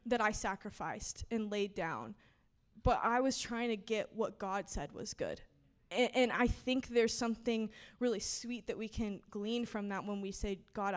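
Twenties gal preaching at church, super chatty, lots of "like" and giggles, kinda emotional. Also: female voice, mid-range voice, a little mellow. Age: 20s. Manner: chatty, filler-heavy, laughing and emotional. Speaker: preacher giving a testimony and teaching. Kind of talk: casual conversational sermon. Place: church service.

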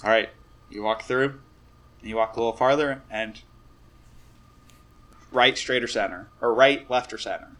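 A man's voice: mid-range voice, normal speed, long pauses, a bit bright. A man narrating a tabletop game as game master, in a casual, rambling way.

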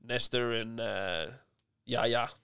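Aussie guy cohost, deadpan, short dry answers, normal mid voice. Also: medium pitch, drawn-out words, vocal fry, clear, resonant tone. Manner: dry, deadpan, clipped replies. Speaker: podcast co-host. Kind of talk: casual chat.

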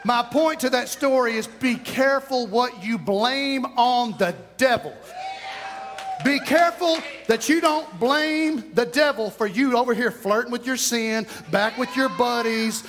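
A man preaching a lively, storytelling sermon, out of breath, shouting at moments. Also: extremely high pitch, moderate pace, faint music behind. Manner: storytelling, animated, breaks into shouts and laughs. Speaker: pastor. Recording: long hall reverb.

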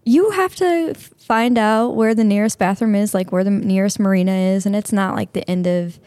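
A woman's voice: mid-range voice, moderate pace, no room sound. Laughing woman deputy telling stories. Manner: laughs often, animated anecdotes. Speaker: sheriff's marine deputy, guest. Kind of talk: casual interview storytelling.

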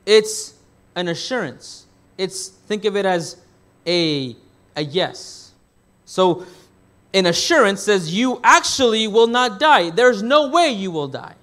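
Lively high-voiced male pastor preaching. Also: slow. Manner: asks the congregation questions and answers them himself; rephrases and restarts mid-thought. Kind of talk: sermon.

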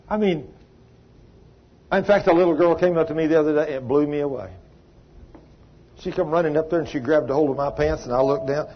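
Husky folksy male preacher. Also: on the high side. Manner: folksy, acts out the people in his stories. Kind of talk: storytelling sermon. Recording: dull lo-fi sermon recording.

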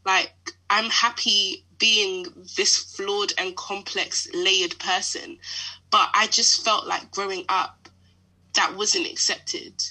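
A woman in her late twenties speaks as a podcast guest with a very bright, sharp tone. She talks casually and reflectively, opening up candidly. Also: mid-range voice, steady tone, takes it slowly, rough recording. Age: late 20s. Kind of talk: casual conversation.

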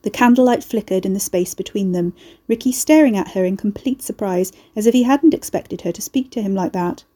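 A woman reading a story aloud as audiobook narrator, in measured storytelling. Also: mid-range voice, dark tone. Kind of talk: scripted narration.

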